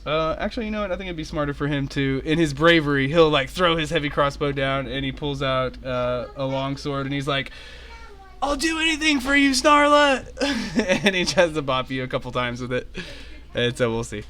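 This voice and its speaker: A man's voice: medium pitch, fairly even intonation, fairly quick, a bit bright. A young man in a casual, rambling way running an online tabletop game as game master, laughing often.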